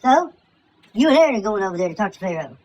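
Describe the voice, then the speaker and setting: A woman's voice: mid-range voice, sing-song, fast, a little mellow, dull audio. A woman in a casual, comic storytelling style retells a Bible story in crude, profane slang, full of asides.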